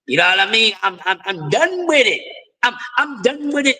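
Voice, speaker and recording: A middle-aged man talks sports on a casual live stream in a raspy, bright-edged voice. He sits high in his range and rambles in a loose, jokey way, doubling back on his words. He comes from the US East Coast. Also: sing-song, normal speed, low-quality recording. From East Coast of the United States.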